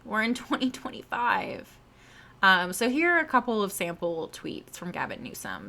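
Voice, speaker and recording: A woman's voice: medium pitch, huge pitch swings, normal speed, vocal fry, sharp tone. A woman hosting a political commentary show, opinionated and talking straight to her listeners. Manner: opinionated, direct asides to listeners. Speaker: podcast host.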